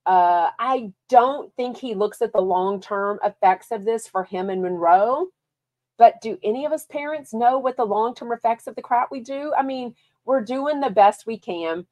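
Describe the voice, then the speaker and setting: A woman's voice: a little high, moderate pace. A woman from Texas with a Texan accent, hosting a podcast and chatting casually about reality TV, reading viewer comments along the way. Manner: chatty, lively, reads viewer comments aloud. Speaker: podcast host. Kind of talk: casual chat.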